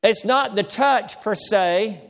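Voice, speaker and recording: A man with a high-pitched voice delivers a sermon as a pastor. He calls out for amens from the congregation and slows his pace to lean on the words that matter. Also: fairly bright tone, long reverb tail. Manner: preaching with call-and-response, slowing to stress key words.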